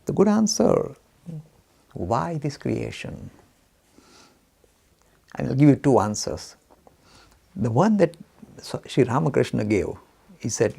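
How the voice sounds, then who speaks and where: Animated, gravelly-voiced male lecturer. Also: medium pitch, normal speed, long pauses. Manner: asks rhetorical questions and acts out both sides of a dialogue. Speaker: lecturer on religion. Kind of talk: lively lecture.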